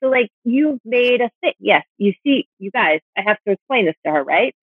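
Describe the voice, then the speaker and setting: A woman author chatting as a guest, animated and rambling, with a self-deprecating streak. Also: fairly high pitch, normal speed, husky, no echo. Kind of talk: casual chat. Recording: dry tinny phone line.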